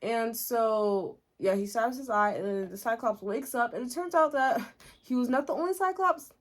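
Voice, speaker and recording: A woman recapping a story in a casual, chatty way, full of "like" and little giggles, with quick asides. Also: fairly high pitch. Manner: chatty and giggly, heavy use of "like". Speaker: video host recapping a musical. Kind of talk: casual chat.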